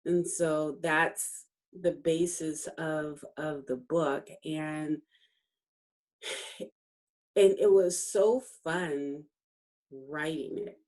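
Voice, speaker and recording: A middle-aged woman, appearing as a guest author in a casual interview, tells a personal story in a low-pitched voice, speaking very slowly with frequent pauses. She animates it by acting out the dialogue and laughs often as she remembers.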